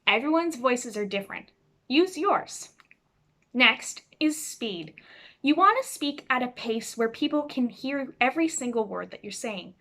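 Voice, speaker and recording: A woman teaching students over a video call, speaking clearly and expressively as she explains reading aloud. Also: fairly high pitch, measured pace. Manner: clear, expressive, demonstrates voices. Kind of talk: instructional talk to students.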